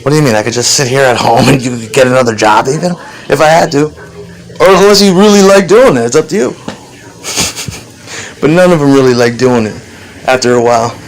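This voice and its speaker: A man's voice: medium pitch, fast, pauses often, rough recording. A man talking in a rambling, profane monologue, laughing often between thoughts. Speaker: vlogger.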